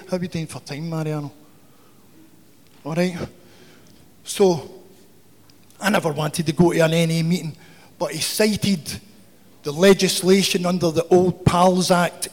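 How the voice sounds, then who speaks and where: A man telling a humorous, profane recovery story to a meeting. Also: high-pitched. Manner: swearing, humorous, confessional. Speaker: recovery speaker. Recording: hall with long reverb.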